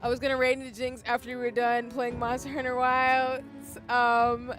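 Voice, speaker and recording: High bright lady streamer chatting with her viewers, slow and rambly, some music going. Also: completely flat delivery. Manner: chatty, friendly, rambling with fillers. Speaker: live streamer. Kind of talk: casual live-stream chat.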